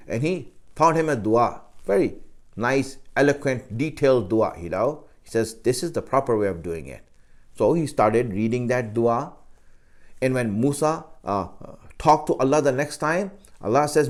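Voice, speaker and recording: A man giving a conversational Ramadan lecture, earnest and preaching with rhetorical questions, reciting Arabic verses quickly. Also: medium pitch, animated. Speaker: religious lecturer.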